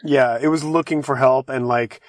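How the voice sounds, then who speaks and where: A young man casually telling a travel story with his partner from inside a camper van, steady and relaxed, filling in details. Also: mid-range voice, normal speed, dry recording, clean studio sound. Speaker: travel vlogger.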